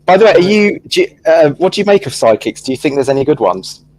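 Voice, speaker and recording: A man's voice: on the high side, sing-song, quick pace, a little mellow, low-quality recording. A man hosting a casual chat on a video call, laid-back, chummy and jokey. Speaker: host.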